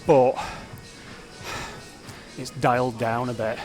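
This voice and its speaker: High-energy man vlogging his challenge. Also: slow pace, faint music behind. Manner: energetic, rambling, self-reflective. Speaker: fitness vlogger. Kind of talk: casual vlog talk to camera.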